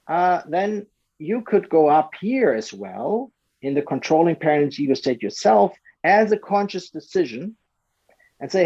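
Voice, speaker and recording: High-pitched guy coaching a group over a call, acts out little quotes, dull lo-fi sound. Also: unhurried. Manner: animated, acts out short quoted lines. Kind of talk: explaining to a group.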